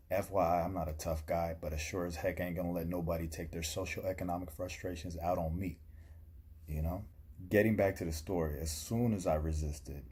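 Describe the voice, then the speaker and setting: Deep husky man telling a story. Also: dark tone. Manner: dry, comic storytelling. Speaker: vlogger. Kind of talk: casual storytelling.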